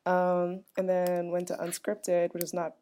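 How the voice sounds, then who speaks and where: A woman in casual chat, telling an everyday story in an easygoing, expressive way. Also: lowish voice, unhurried, smooth.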